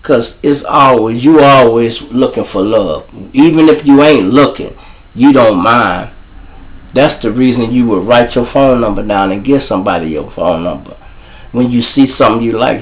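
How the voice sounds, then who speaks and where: Chicago dude ranting live to viewers, blunt and cussing, mid pitch. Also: male voice, normal speed, poor audio. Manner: blunt, profane storytelling addressing viewers. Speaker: livestream show host. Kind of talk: casual live monologue.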